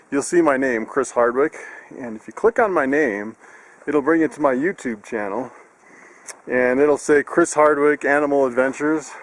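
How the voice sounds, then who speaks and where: A man talking casually to his camera on his farm, chatty, laughing often, with plenty of fillers and restarts. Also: medium pitch. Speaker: farm vlogger. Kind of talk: casual vlog narration. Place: outdoors on a farm.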